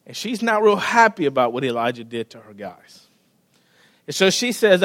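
High-voiced man preaching a sermon. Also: normal speed. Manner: animated storytelling, dropping to a hushed voice for quiet moments; casual, with slang and frequent word repeats. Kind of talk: sermon retelling a scripture story.

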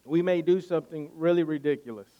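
A man's voice: on the high side, fast talker, dull audio. A man preaching a sermon, earnest and building his points by repeating phrases. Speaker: pastor.

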